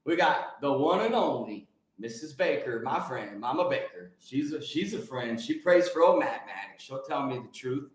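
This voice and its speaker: A man hosting a casual livestream chat, excitable and energetic, often repeating words for emphasis. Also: mid-range voice, moderate pace, hardly any pauses, heavy reverb. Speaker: livestream host.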